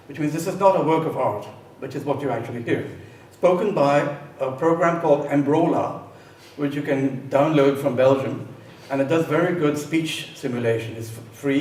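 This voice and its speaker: A man, a composer, explaining his pieces in a relaxed live lecture, pausing often with fillers. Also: a little high. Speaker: composer presenting his works. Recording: echoey room, voice from a distance, faint noise.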